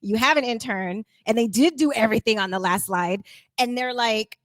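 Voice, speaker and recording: A woman speaking to a live audience in a chatty, animated way, acting out quoted voices and laughing often. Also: a little high, brisk, dry recording, studio quality. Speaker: workshop speaker.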